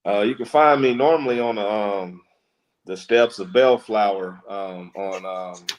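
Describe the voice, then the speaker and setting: A man, a stand-up comedian, talking as a guest in a casual interview, relaxed and joking. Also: on the low side, measured pace, rough recording.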